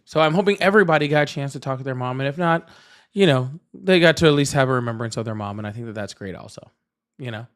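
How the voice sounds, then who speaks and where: A man's voice: medium pitch, fast talker. A man hosting a live political debate stream, chatting casually and rambling to his viewers. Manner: rambling, repeats himself, talks straight to chat. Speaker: livestream political debate host. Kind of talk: casual livestream chat.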